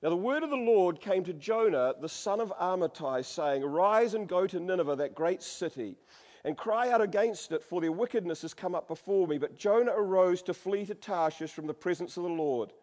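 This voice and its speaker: A man's voice: sits high, animated, fairly quick, a little mellow. A man preaching a sermon, reading scripture dramatically and joking with the congregation. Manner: dramatic, humorous, varies voice for quotes. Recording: long hall reverb.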